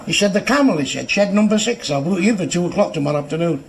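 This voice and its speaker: Brief: male stand-up comic, profane joke delivery, high and animated, gravelly, noisy archive tape. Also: very fast. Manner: bawdy, profane joke-telling with acted voices. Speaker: comedian. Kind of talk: stand-up comedy.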